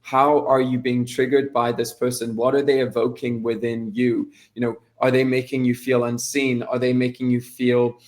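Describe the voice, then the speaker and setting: A man's voice: medium pitch, flat delivery, normal speed, hardly any pauses. A man talking as a guest coach in a casual podcast conversation. He is emphatic and blunt and speaks in bursts of questions.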